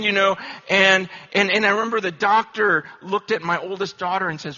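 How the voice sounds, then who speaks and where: Bright, high-voiced impassioned male preacher. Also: lively intonation, fairly quick, hardly any pauses. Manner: conversational, self-deprecating storytelling, builds to impassioned urgency. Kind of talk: conference sermon. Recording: dull lo-fi conference recording.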